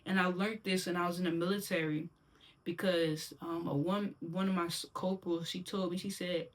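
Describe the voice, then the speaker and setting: A young adult vlogger from Silver Spring, speaking with a Maryland accent, shares candid, slangy opinions straight to the viewer. The voice is mid-range and flat, at a normal speed.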